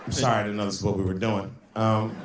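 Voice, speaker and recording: A man's voice: lowish voice, level tone, quick pace. A man tells stand-up stories loaded with profanity and jumps into mimicked voices for the people in them. He is heard from far off in a large, echoing performance space, with a faint wash of noise underneath. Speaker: stand-up comedian. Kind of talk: stand-up routine. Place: stage in a large venue.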